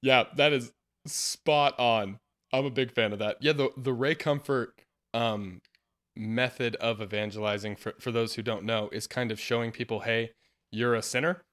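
A man hosting a casual podcast discussion about faith, earnest, laughing often and getting animated when quoting others. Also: medium pitch, normal speed. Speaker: podcast host.

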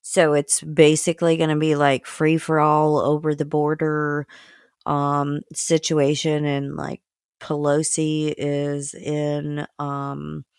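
Brief: woman co-host, slow and gravelly, halting delivery full of fillers, dry close sound. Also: deep voice, monotone, a little mellow, no room sound. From United States. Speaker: podcast co-host. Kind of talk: casual political chat.

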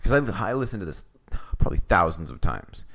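A man's voice: low voice, big pitch swings, a little fast, fairly bright tone. A man chatting casually as a podcast guest, rambling and giggling, with lots of fillers. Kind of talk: casual chat.

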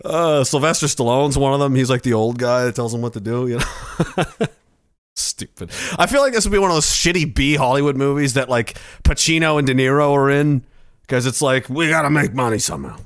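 A man's voice: medium pitch, normal speed, smooth, dry recording, clean studio sound. A man hosting a stream, rambling casually, joking, laughing often and swearing. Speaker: streamer host. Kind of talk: casual comedic chat.

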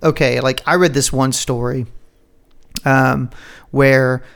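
A man in the middle of a loose podcast conversation, talking at a mid pitch and a meandering pace. He swears freely and trails off into laughter, circling back to his point again and again. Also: fairly even intonation, creaky, clean tone. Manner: rambling, profane, quick to laugh. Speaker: podcast co-host. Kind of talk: casual political chat.

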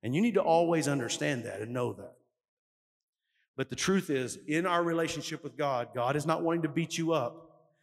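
A man's voice: on the high side, normal speed. A middle-aged male lead pastor preaching a sermon, telling stories and acting out quotes with animation. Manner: animated storytelling, acts out quotes loudly. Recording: long hall reverb, faint music.

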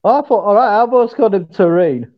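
A man's voice: sits high, lively intonation, quick pace, highs cut off. A man from Yorkshire with a Yorkshire accent, a podcast guest in casual, jokey, self-mocking chat. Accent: Yorkshire English. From Yorkshire, England.

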